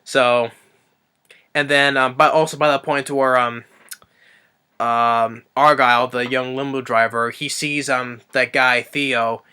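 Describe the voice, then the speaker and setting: A man's voice: level tone, measured pace, sharp tone, smooth. A man reviewing a movie off the cuff, rambling with lots of fillers and restarts. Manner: briefly acts out quotes in a higher voice.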